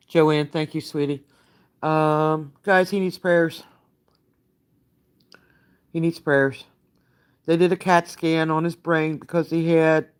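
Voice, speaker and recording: An older woman giving a halting, emotionally worn-out live update, greeting her viewers by name and using many fillers. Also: low voice, clear, resonant tone. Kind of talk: live-stream chat update.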